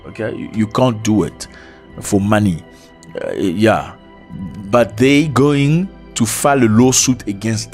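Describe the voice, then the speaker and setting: A man hosting an opinionated commentary channel, blunt and preachy, swinging between loud outbursts and low mutters.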